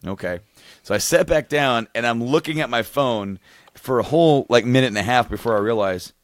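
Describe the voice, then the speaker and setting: A man co-hosting a casual podcast, rambling through a funny story, laughing often and getting excited as he goes. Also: medium pitch, a little slow, long pauses, no echo. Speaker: podcast co-host. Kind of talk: casual chat, telling a story.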